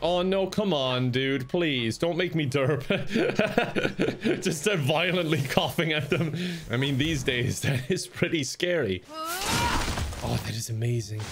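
A man's voice: on the high side, lively intonation, unhurried. A young Irish man giving self-deprecating, comedic commentary while playing a game at his home desk, laughing often. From Ireland. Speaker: gaming YouTuber.

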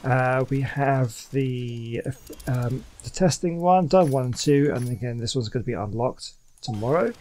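A man giving casual commentary while playing a video game, rambling and excitable, with many fillers and restarts. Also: medium pitch, a little slow. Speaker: let's play gamer.

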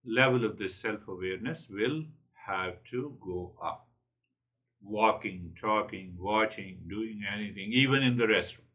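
A man's voice: fairly low pitch, a little slow, bright, forceful tone, highs cut off. A man giving a spiritual talk, earnest and repeating his key phrases. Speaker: spiritual teacher.

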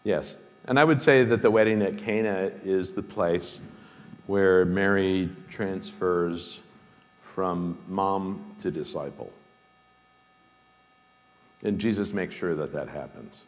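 A man giving an informal talk as a guest speaker, thoughtful and emphatic, pausing with fillers and restarting his phrases. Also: sits low. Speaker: guest speaker, seminary dean. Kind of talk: informal lecture with questions. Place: large hall. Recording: hall with long reverb.

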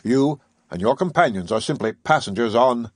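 Man reading as a cold proud sea captain, commanding, formal, slightly husky, dry close sound, audiobook. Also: medium pitch, lively intonation, dry recording. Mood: stern. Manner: measured, commanding, coldly formal. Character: stern secretive male submarine captain, cold and proud.

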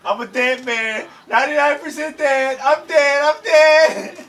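A man voicing a cowardly young man who panics and wails that he is about to die, in a shrill, frantic voice. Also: fairly even intonation, a little slow, a bit bright, distant mic, heavily acted. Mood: panicked.

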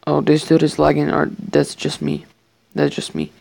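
A man giving casual commentary over a survival game match from his bedroom, excitable, swearing and jokingly boasting. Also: a little high, moderate pace, vocal fry, no echo. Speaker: gamer playing a survival match.

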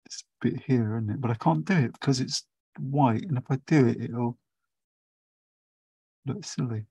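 Brief: male art tutor, older, chatty painting demo, husky, dry close sound. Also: medium pitch, normal speed, warm tone, dry recording, rough recording. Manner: rambling, chatty, thinks aloud while painting. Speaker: watercolour tutor. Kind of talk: casual painting demonstration.

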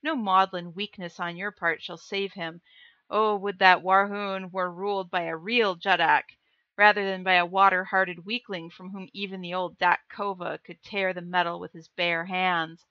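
A woman's voice: on the low side, steady tone, normal speed, vocal fry, hardly any pauses, pushed and bright, dry recording, dull audio. A woman voicing a menacing old male Martian warrior chief who roars his insults. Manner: roaring, insulting.

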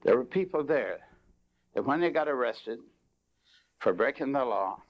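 A man's voice: animated, a little slow. An older man preaching a sermon in a folksy way, telling a long personal story. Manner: folksy, rises in pitch when telling stories. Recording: dull lo-fi tape.

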